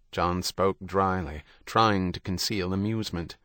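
A man narrating a novel in a measured, even storytelling manner. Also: low voice, no echo, studio quality. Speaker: audiobook narrator. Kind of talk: scripted narration.

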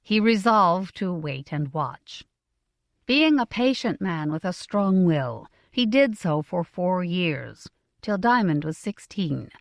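Expressive woman reading a fantasy audiobook. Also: on the low side, takes it slowly, no room sound, clean studio sound. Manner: smooth, expressive storytelling. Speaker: audiobook narrator. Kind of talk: scripted fantasy narration.

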